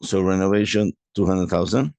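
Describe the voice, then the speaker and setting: Guy w/ going over real estate numbers, lowish voice, dry close mic, lots of restarts. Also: creaky, darkish tone, no room sound. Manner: halting, many restarts and self-corrections. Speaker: real estate investor presenting a deal. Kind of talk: walking through a deal spreadsheet.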